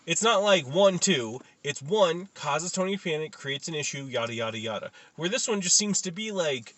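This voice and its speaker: Male co-host, cynical pop-culture talker, bright and lively delivery. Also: fairly high pitch, normal speed, few pauses. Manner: opinionated and cynical, animated. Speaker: podcast co-host. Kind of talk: casual pop-culture chat.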